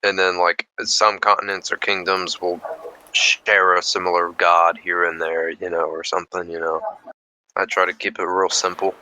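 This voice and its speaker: A man with a very low voice and a sharp, tense edge explains things in a laid-back way, with casual swearing. He speaks in a relaxed group-chat manner. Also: normal speed, low-quality recording. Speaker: player.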